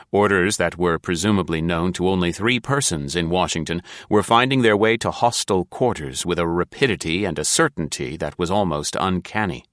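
A man reads an old detective tale aloud in a measured, even way. His voice is very deep, and the sound is close and dry with no room around it. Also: no echo. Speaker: narrator. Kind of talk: audiobook narration.

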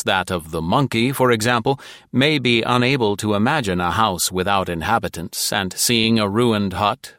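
Brief: a man doing a condemned male spy, low voice, dry close sound, measured reasoning that cracks into shrill pleading. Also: fairly bright tone, no echo, natural voice. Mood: grave. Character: calm captured male spy facing execution, coolly philosophical. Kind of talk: audiobook character reading.

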